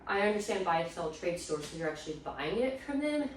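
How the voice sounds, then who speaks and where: A woman's voice: on the low side, sing-song, fairly quick. A young woman talks through her latest thrift finds in a loose, chatty way, trailing off with fillers as she sorts through items. She sits some distance from the camera mic in a room at home, with strong echo around her voice and a faint hum of noise behind. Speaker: reselling vlogger, stay-at-home mom. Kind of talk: casual chat showing a thrift haul.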